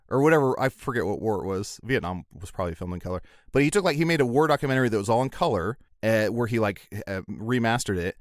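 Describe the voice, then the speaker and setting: A man chatting as a podcast guest, telling playful stories in an animated way, a little tipsy. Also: lowish voice, fast talker, hardly any pauses, no echo, clean studio sound. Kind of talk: casual chat.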